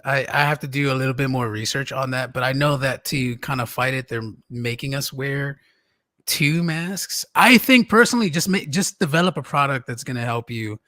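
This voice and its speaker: A man's voice: medium pitch, normal speed, sharp tone, no echo, clean studio sound. A man talking as a guest on a podcast livestream, laid-back and jokey, swearing casually. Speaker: podcast guest, music producer.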